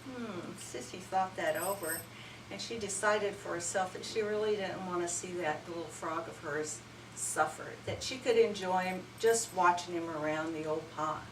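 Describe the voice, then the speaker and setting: A woman telling a children's story at a retreat, animated and inviting listeners to join in, heard from afar in a roomy hall. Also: on the low side, moderate pace, background noise. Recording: roomy hall, mic far off.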